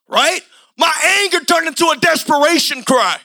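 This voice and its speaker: A man preaching a sermon in a colloquial, repetitive, impassioned way, often rising to a shout. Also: very high-pitched, normal speed, vocal fry.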